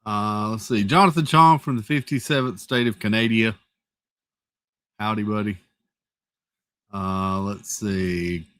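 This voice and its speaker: A man's voice: lowish voice, a little slow, long pauses, a bit bright, dry recording. A man hosting a live stream, chatting casually and greeting viewers one by one in a rambling, playful way while nursing a headache. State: has a headache.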